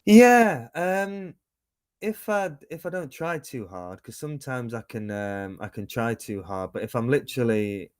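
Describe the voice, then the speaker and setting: A British man in his thirties, a musician and painter, chats casually in a video-call interview, rambling with lots of fillers and restarts. His voice is fairly low and his pace moderate with few pauses. The recording is dry and studio quality.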